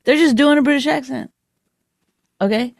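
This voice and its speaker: A woman's voice: high-pitched, normal speed, no echo. Teasing Canadian-raised woman, dry close sound. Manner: teasing, argumentative, mimics her husband. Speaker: podcast co-host. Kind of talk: casual banter with spouse.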